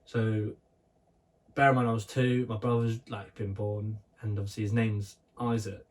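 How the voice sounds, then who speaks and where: A man's voice: fairly low pitch, little pitch movement, moderate pace, distant mic. A young man co-hosting a casual podcast, telling stories in a rambling way with lots of fillers and restarts. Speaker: podcast co-host. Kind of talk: casual chat.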